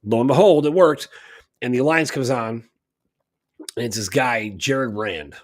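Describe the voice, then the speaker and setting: A mid-range male voice at a measured pace belongs to a co-host on a casual talk radio show. He tells long, rambling stories that flare up into heated bursts.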